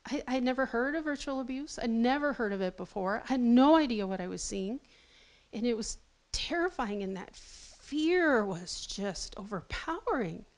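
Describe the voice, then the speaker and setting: A woman giving a personal testimony at a seminar, telling her story haltingly with restarts and nervous laughs. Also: on the high side, lively intonation. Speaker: seminar speaker.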